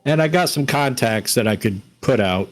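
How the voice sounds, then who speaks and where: A man's voice: medium pitch, expressive, moderate pace. A man with a Bronx accent role-playing his character in a tabletop game, cocky and wisecracking.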